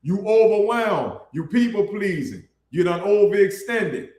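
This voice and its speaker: A man delivers a casual street sermon with blunt, preachy force and plenty of slang. His voice sits slightly high for a man. The recording carries a noticeable room echo. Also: expressive, a little slow, darkish tone. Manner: blunt, preachy, colloquial, addresses listeners as bro. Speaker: street preacher hosting an online ministry.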